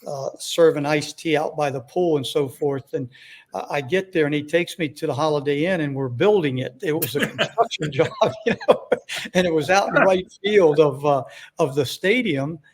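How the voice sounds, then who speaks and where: Slightly high-pitched older man telling stories. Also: moderate pace. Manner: rambling, frequent fillers, self-deprecating humor. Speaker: guest, former baseball manager. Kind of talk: casual storytelling interview.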